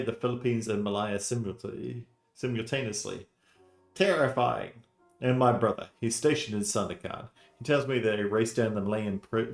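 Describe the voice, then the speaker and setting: A man's voice: mid-range voice, gravelly, roomy sound, voice pushed up, close to an everyday voice. A man voicing a weary, blunt middle-aged male sergeant with a grim outlook.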